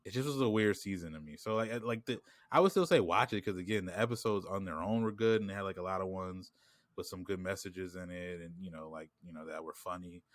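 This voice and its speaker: Speaking fast in a low register, this New York-accented man co-hosts a podcast, rambling casually and leaning on fillers like "like" and "you know what I'm saying." The studio recording is clean and dry.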